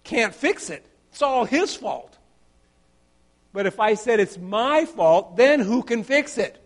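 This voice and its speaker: A middle-aged man delivers a sermon with a very high, sing-song voice. He sounds earnest but halting, restarting and repeating words as he puts questions to his listeners.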